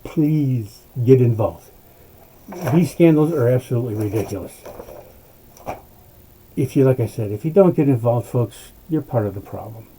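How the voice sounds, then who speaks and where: A man's voice: medium pitch, animated, moderate pace, pauses often, warm tone, slightly rough, rough recording. A man hosting a political talk show, ranting in a fired-up way and swearing as he urges listeners to act. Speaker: host.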